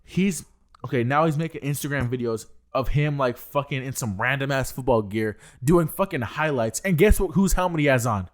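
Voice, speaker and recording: A man's voice: medium pitch, animated, moderate pace. A young man co-hosting a podcast, ranting heatedly with heavy swearing. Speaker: podcast co-host. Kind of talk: casual chat.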